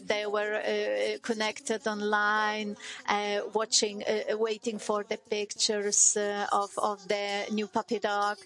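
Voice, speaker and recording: Woman, middle-aged, slow halting delivery, flat steady tone, non-native English, personal testimony. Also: medium pitch, poor audio. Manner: halting, hesitant, many filler sounds and restarts. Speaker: mother giving a testimony.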